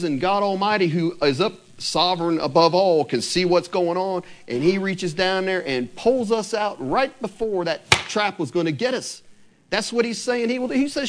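A man preaching a sermon in a church, animated and full of rhetorical questions, reading scripture aloud slowly and lower. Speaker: pastor. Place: church sanctuary.

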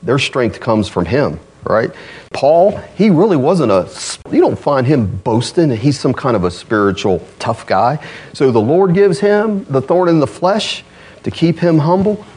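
A man preaching a sermon in a conversational way, acting out quoted voices and moving between loud emphasis and quiet, low asides. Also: animated, measured pace, breathy edge. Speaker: pastor.

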